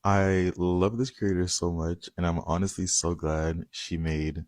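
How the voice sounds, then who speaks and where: Man from the Caribbean, very deep voice, dry close sound, earnest commentary. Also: level tone, unhurried, darkish tone, dry recording. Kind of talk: casual reaction commentary.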